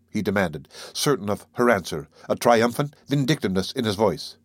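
A man giving a measured, even literary narration of a classic novel as an audiobook reader. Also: lowish voice, no room sound, studio quality.

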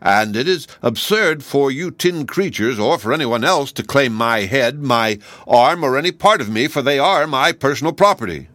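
A man's voice: mid-range voice, animated, normal speed, few pauses, fairly bright tone, no echo, voice pushed up, lightly acted. Man acting out a scowling patchwork man, growly, insolent, dry sound. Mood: surly.

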